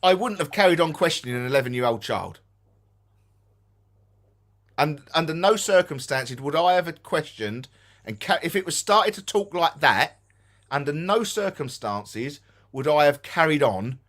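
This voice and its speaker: Brief: Essex man, livestream co-host, lively up-and-down voice, a bit high, argumentative and blunt. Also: normal speed. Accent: Essex English. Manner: animated, argumentative, swears casually. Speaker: ghost hunting show co-host. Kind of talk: casual live-stream chat.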